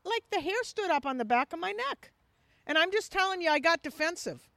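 A woman who leads a missions ministry, telling a personal testimony in an animated way and acting out the dialogue. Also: very high-pitched, a little fast, creaky, no echo.

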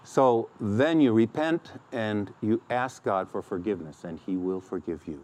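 A man's voice: on the low side, unhurried, few pauses, darkish tone, slight background noise. A middle-aged man preaching a sermon as pastor, acting out quoted complaints in a raised voice.

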